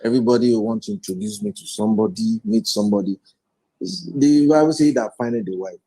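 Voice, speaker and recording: Mellow husky man in his forties. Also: on the low side, quick pace, rough recording. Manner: earnest, reflective, retells conversations. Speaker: guest speaker. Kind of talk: personal testimony in an interview.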